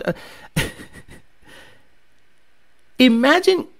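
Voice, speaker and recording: A man hosting a car channel, ranting at viewer comments in a mocking, profane way. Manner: mocking, profane, swings between low mutters and loud jabs.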